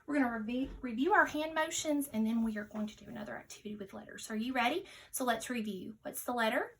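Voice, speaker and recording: A woman teaching a phonics lesson to young children, speaking in slow, encouraging, sing-song teacher talk and sounding out letters and words. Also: a little high, fairly bright tone.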